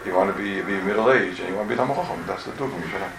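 Gravelly-voiced man teaching Talmud class. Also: low voice, racing, heavy background noise. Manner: animated, rhetorical questions, addresses students. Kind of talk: lively Talmud class lecture. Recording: echoey room, voice from a distance.

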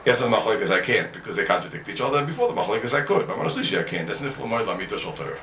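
Animated man teaching a Talmud class. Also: on the low side, racing, slight background noise. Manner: animated, fires rhetorical questions at the class; mixes English with Hebrew and Aramaic study terms. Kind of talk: Talmud lesson to students. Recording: roomy echo, mic at a distance.

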